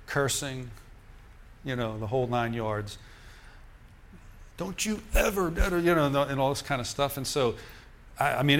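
An older male preacher tells his own story from the pulpit, lively and chuckling as he speaks to the congregation. His voice sits at a middle pitch, and his delivery is conversational and animated. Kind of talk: sermon testimony. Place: church.

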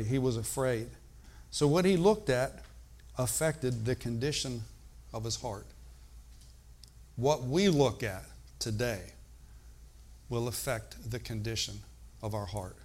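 This is an older man giving a sermon in a medium-pitched voice. He is lively and forceful, moving between shouted passages and slow, hushed points.

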